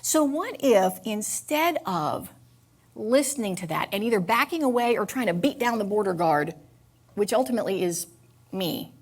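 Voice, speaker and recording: A woman giving a sermon at church in a candid, confessional way, halting with fillers. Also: mid-range voice, animated. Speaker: church speaker.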